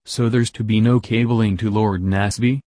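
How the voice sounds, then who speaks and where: A man reading the lines of a poised, worldly woman who teases and probes her young friend in a measured way. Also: on the low side, steady tone, mellow, dry recording, studio quality, natural voice. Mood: probing.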